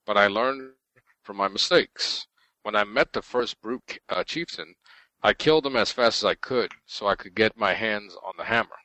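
Low, bright-toned male podcast host. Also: dry recording, poor audio. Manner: animated storyteller, laughs often. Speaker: podcast co-host reading listener mail. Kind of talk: casual gaming podcast chat.

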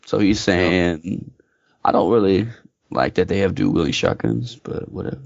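A man's voice: low-pitched, expressive, moderate pace, gravelly, no echo, lo-fi sound. A man co-hosting a casual gaming podcast, joking around and reading listener submissions. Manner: jokey, drops into silly put-on voices. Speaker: podcast co-host.

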